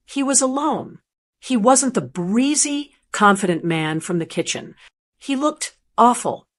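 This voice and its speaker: A woman narrating a dramatic first-person story in an emotional, halting way, often repeating words as she goes. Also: fairly high pitch.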